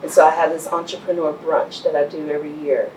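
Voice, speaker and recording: Middle-aged woman, deep voice, lively storyteller; roomy distant sound with faint hum behind. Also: quick pace. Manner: animated storyteller, laughs often, acts out quotes. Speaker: business owner guest. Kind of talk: storytelling interview. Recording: echoey room, mic far off.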